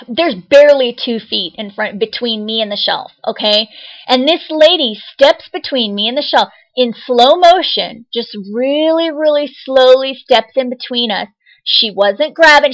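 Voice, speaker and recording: Young woman vlogger, a touch high, agitated and insistent, repeats herself. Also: lively intonation, measured pace, a bit bright, rough recording. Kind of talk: casual talk to camera.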